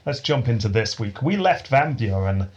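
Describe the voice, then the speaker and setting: A man hosting a casual history podcast, telling the story in a relaxed way with frequent chuckles. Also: medium pitch, normal speed, husky. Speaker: podcast host. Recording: dull lo-fi sound.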